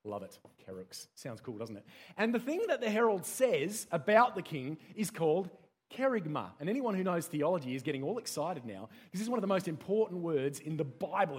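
Aussie bloke, pretty high voice, playful preacher-style talk, keeps asking the crowd stuff and getting them to say words back. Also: male voice, breathy edge. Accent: Australian. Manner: playful, quizzes the audience and repeats key words. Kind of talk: interactive teaching talk to a group.

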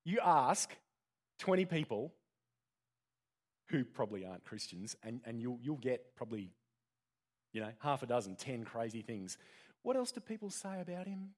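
A man's voice: medium pitch, very animated, moderate pace, long pauses. A man preaching an interactive sermon in a church, joking and putting questions to the congregation. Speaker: pastor.

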